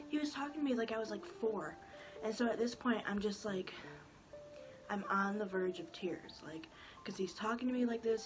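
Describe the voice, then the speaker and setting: A woman's voice: medium pitch, poor audio. A woman in her twenties telling a personal story in a casual, rambling way with lots of filler words. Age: 20s. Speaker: vlogger.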